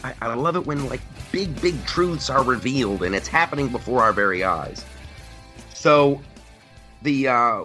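A man with a lowish voice and a bright, forceful edge, hosting a podcast. His pitch swings all over as he talks, excitable and animated. He stumbles into restarts and tosses off sarcastic asides in casual political chat. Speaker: podcast host.

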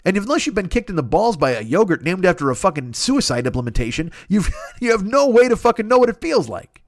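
A man's voice: high-pitched, big pitch swings, quick pace, no echo, studio quality. A man hosting a podcast, telling a comedic story in a profane, ranting, self-mocking way. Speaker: podcast host.

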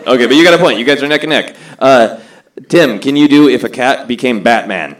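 A man's voice: medium pitch, lively intonation, brisk, slight background noise. Laughing, teasing tipsy man hosting. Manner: laughs often, loose and teasing. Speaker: game show host. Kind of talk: casual comedy podcast banter.

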